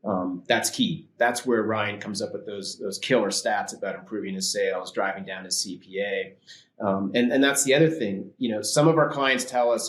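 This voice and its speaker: Low-voiced man pitching confidently in an echoey room. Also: normal speed, a bit bright. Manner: salesy, confident, uses fillers. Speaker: vendor guest. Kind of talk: live webinar discussion.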